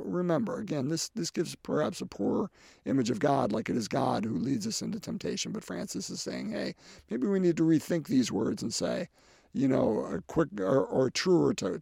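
A man preaching a conversational homily who often restarts his sentences and grows louder when he quotes scripture. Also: on the high side, creaky, no room sound, studio quality.

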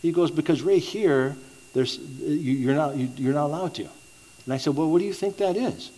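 A man's voice: a little high, mellow, low-quality recording. A man teaching evangelism in a conversational sermon, telling stories and often asking "right?", with frequent restarts. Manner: conversational, asks the audience "right?"; halting, with many restarts. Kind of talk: sermon with storytelling.

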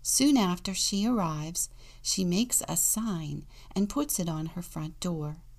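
A woman's voice: fairly low pitch, takes it slowly, a little mellow. A woman deacon reading a children's picture book aloud, dropping into whispers for suspense and acting out the sound words.

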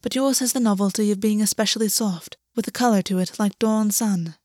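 A woman voicing August, a gentle male lover. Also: medium pitch, a little fast, no echo, studio quality, natural voice. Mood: affectionate. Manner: soft, careful and sincere. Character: gentle, measured male water horse lover.

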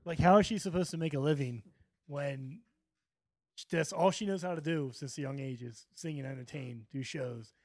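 A man's voice: fairly high pitch, moderate pace, darkish tone, dry recording. A man co-hosting a podcast, chiming in with offhand remarks in casual chat.

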